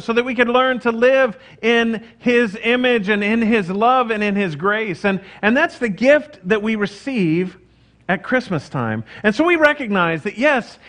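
A middle-aged pastor with a drawl and a fairly high voice preaches in a relaxed, conversational way. He jokes at his own expense, repeats himself, and stops to restart his sentences, so the sermon sounds more like friendly talk than an address. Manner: conversational, self-deprecating, with frequent fillers and restarts. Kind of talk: casual sermon.

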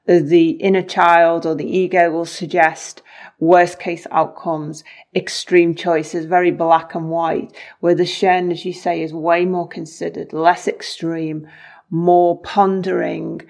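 A woman co-hosting a spiritual talk, asking questions quickly and restarting when she thinks aloud. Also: on the low side, level tone, a little mellow. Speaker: co-host. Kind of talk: conversational interview.

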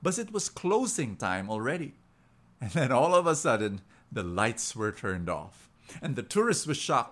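A man hosting a Christian radio program, telling an inspirational story in an earnest, animated way, with lots of emphatic repetition. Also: mid-range voice, normal speed. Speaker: radio preacher, host.

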